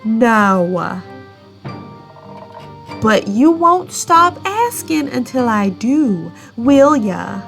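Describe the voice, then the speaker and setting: A woman's voice: on the high side, sing-song, extremely slow, creaky, pauses often, a bit bright, soft background music, full character voice. A woman voicing a guarded, lone-wolf brawler with a Southern country accent and curt, clipped replies. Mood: gruff.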